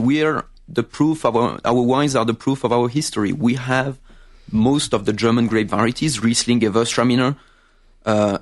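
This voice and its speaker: A French man with a French accent and a mid-range voice is a guest at a winery, chatting casually during a wine tasting. He speaks haltingly, often repeating words as he searches for the English.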